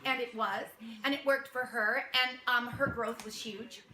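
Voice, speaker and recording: A woman directing a youth theater show, talking casually to her cast with warm praise, much laughter and many fillers. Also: a little high, fairly even intonation, a little slow. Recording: echoey room, noisy.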